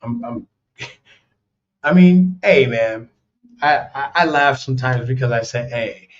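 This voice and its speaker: A man's voice: medium pitch, unhurried. An American man hosting a casual advice monologue, talking loosely and bluntly with lots of "man" and "you know". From United States. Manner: acts out quoted voices, slangy and blunt. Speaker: host. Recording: dull lo-fi sound.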